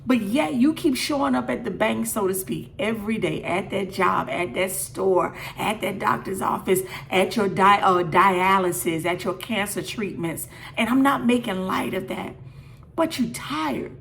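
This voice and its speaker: A woman's voice: a little high, animated, a little slow, creaky, slight background noise. A middle-aged woman hosting a faith encouragement show, speaking earnestly and directly to listeners with repeated, building phrases. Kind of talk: midday devotional encouragement.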